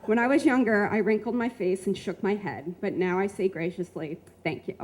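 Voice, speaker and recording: A woman reading her personal essay aloud at a live literary event, telling her story in a measured way. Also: background noise. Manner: measured storytelling, voicing quotes with sudden high shrieks. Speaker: featured reader.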